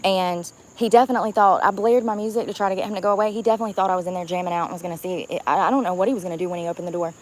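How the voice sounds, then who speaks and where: A woman with a lowish, steady voice rants rapid-fire with few pauses, addressing the camera from her car at night. As a vlogger, she's angry and blunt, cursing frequently throughout the heated tirade.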